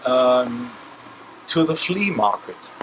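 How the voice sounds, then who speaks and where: A man gives short, hesitant answers in an offhand chat at an outdoor flea market. His voice is mid-pitched for a man. Loud background noise from the crowd and street nearly buries him. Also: animated, takes it slowly. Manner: brief, hesitant replies with fillers. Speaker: vlogger's companion, father. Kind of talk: casual chat.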